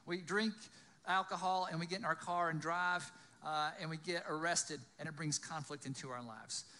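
A man's voice: on the high side, steady tone, normal speed, bright, forceful tone. A man preaching a sermon, retelling a scripture story and acting out its voices, often asking "right?". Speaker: pastor.

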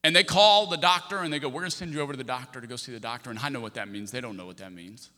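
A man preaching from the pulpit, telling a personal story with animated, impassioned bursts. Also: mid-range voice, very fast. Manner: impassioned, animated retelling with sudden loud outbursts. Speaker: pastor. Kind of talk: sermon storytelling. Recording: long hall reverb.

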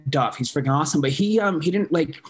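A man's voice: fairly high pitch, lively intonation, fast talker, husky, faint music behind. A man guesting on a fan podcast, talking loosely with lots of fillers and casual swearing. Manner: filler-heavy, swears casually, laughs often.

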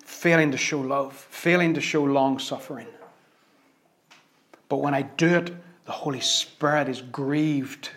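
A man preaching a sermon. He swings from loud, emphatic declarations to hushed, almost whispered asides. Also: mid-range voice, steady tone, measured pace, a little hiss or hum.

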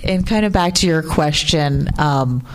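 A woman's voice: deep voice, a little slow. A woman, a panelist and former staff writer, telling a story in a casual way.

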